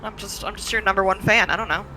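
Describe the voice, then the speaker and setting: A player in a tabletop game making playful, quick replies in casual chat. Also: medium pitch, fairly even intonation, music in the background, rough recording.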